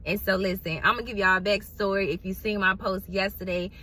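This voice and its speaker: A woman's voice: medium pitch, steady tone, fairly quick, bright, forceful tone, slight background noise. A woman hosting her own video, giving a chatty faith-based motivational talk and talking straight to her viewers. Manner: chatty, preachy, says y'all and okay a lot. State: recovering from a sore throat. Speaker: inspirational video host. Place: in her car.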